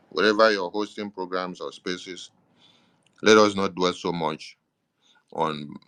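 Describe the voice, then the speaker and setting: Deep-voiced Nigerian man giving an emphatic address. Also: a bit bright. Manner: emphatic, repeats "yes" to stress points. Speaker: government media minister. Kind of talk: impassioned political address.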